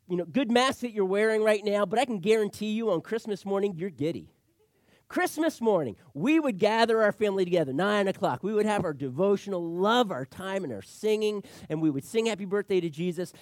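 A middle-aged man pastor preaching a sermon, animated, swinging between loud emphatic lines and hushed asides. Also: on the high side, dry recording, clean studio sound.

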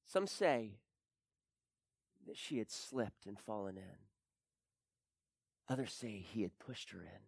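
A man performing a dramatic first-person monologue, swinging between hushed whispers and anguished cries. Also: fairly low pitch, lively intonation, slow pace, vocal fry, pauses often, husky, no echo, studio quality. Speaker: storyteller.

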